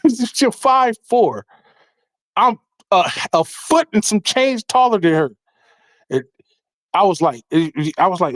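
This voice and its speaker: A man telling a casual, animated story on a podcast, swearing and acting out quotes in a raised voice. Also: high voice, takes it slowly, long pauses, no echo, clean studio sound. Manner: profane, repetitive restarts. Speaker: podcast co-host. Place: home basement studio.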